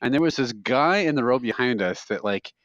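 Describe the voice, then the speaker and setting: Medium-pitched, expressive and brisk, this man's voice has a fairly bright tone and no echo. Co-hosting a podcast, he rambles in casual chat through funny anecdotes, often laughing at his own stories. It's recorded dry on a slightly dull podcast mic.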